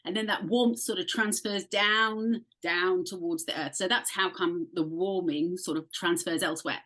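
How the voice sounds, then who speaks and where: A woman's voice: fairly low pitch, moderate pace. Chatty British woman explaining weather. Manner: lively, chatty, playful. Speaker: weather presenter. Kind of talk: casual explainer chat.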